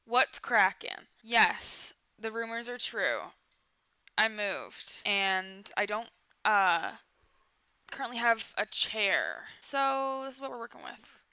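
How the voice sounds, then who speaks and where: Bright, sarcastic young woman commentator. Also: a little high, lively intonation, slow pace, clean tone, no room sound. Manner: sarcastic, playful asides. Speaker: YouTube commentary host. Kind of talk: casual comedic movie commentary.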